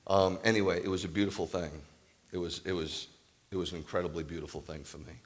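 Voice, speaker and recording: Older male rabbi, low deep voice, lively anecdotal sermon delivery. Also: fast. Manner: animated storytelling, swings from loud laughing bursts to quiet reflection. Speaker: rabbi preaching.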